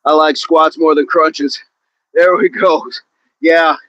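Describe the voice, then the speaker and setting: A man's voice: a little high, level tone, slow pace, bright, forceful tone, no room sound, dull audio. Upbeat man hosting an outdoor workout stream. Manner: upbeat, counts down reps, greets chat by name. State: exercising. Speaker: fitness livestream host. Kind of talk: live workout commentary to chat. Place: outdoors on a hill.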